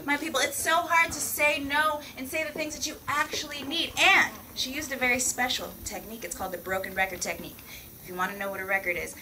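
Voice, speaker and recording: A woman's voice: high-pitched, steady tone, quick pace, bright, forceful tone. A woman teaching a lesson to children, exuberant and exclamatory, calling the kids her people. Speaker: peace educator teaching children. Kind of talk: enthusiastic classroom lesson. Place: outdoor class. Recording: distant mic outdoors with background noise.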